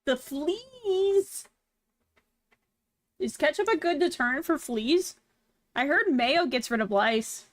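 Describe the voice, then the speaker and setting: A woman's voice: sits high, animated, moderate pace, no echo. A young woman streaming while she draws, chatting casually in a goofy, joking way. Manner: goofy, playful, jokey. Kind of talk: casual chat while drawing.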